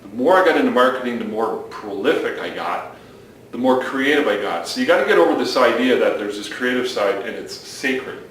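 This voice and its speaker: A man's voice: medium pitch, expressive, fairly quick, fairly bright tone, slight background noise. A middle-aged man co-hosting a casual chat show, lecturing with jokes. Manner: joking, lecturing. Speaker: co-host. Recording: echoey room from far off.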